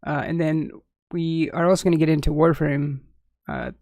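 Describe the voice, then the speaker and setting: Gravelly, flat-voiced male podcast host. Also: fairly high pitch, moderate pace, dry recording. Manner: easygoing, rambling with many restarts and fillers. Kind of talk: casual podcast chat. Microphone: headphones and desk mic.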